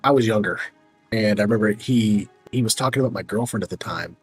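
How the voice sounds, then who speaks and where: A man's voice: on the low side, fast talker, faint music behind, low-quality recording. A young man, chatting casually and telling rambling stories while streaming a game. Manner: rambling storyteller, fillers and restarts, laughing. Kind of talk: casual livestream chat over gameplay.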